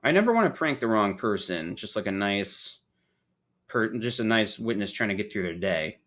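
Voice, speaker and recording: A man's voice: on the low side, lively intonation, normal speed, fairly bright tone. A man hosting a podcast in casual chat, joking and swearing freely while mocking himself. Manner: joking, profane, self-mocking. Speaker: podcast host.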